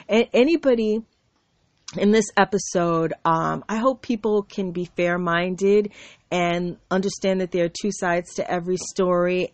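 A woman's voice: fairly low pitch, dry recording. Aggrieved woman ranting, dry close sound. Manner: aggrieved, sarcastic, mocking voices of critics. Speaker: show host. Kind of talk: ranting monologue to camera. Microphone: computer mic.

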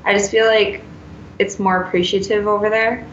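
A woman's voice: mid-range voice, level tone, normal speed. A woman in her twenties, a student teacher, chatting casually in a talkative, mildly exasperated way. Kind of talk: casual chat. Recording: echoey, dull, slightly noisy room.

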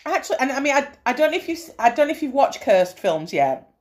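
Eager woman gushing about gory films, quick to laugh. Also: sits high, very animated. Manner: enthusiastic, laughs often, swears casually. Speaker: podcast co-host. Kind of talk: casual film review chat.

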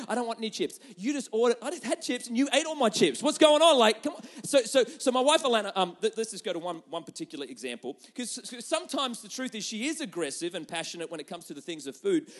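A young adult man preaching a sermon, telling stories with lively swings between loud and hushed delivery. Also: high voice. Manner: animated storytelling with quick shifts between loud and hushed. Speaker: pastor.

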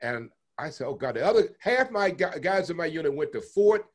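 An older man from Texas recounts his past at length in an interview. His voice sits a bit higher than most men's. He chuckles and slips into the voices of the people he remembers. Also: moderate pace. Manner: animated storyteller, chuckles, acts out quoted voices. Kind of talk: oral history storytelling.

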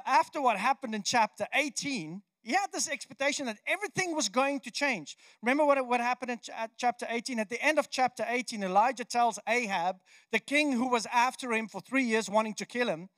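Male pastor, very high voice, chatty and animated sermon delivery, dry close sound. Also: fairly quick, no room sound. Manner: conversational, animated, frequent restarts.

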